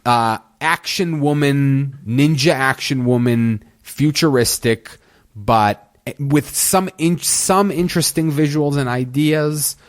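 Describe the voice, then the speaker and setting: A man hosts a solo review podcast at his own unhurried pace. He rambles through his points with restarts and fillers and sounds exasperated. His voice sits in an ordinary middle pitch. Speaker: podcast host.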